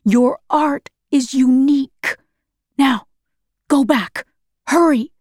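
Worried soft-spoken father, woman reading his lines, storybook, slow. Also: sits high, no echo, studio quality. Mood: urgent. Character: worried gentle father at a train.

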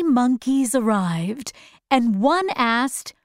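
A woman narrating a storybook in a slow, clear, expressive read-aloud. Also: a little high, no room sound, studio quality.

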